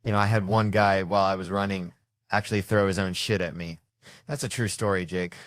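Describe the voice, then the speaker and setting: Man, very low voice, stand-up comic, animated and foul-mouthed storytelling, dry close sound. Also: a little fast, no echo. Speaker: comedian. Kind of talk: stand-up comedy.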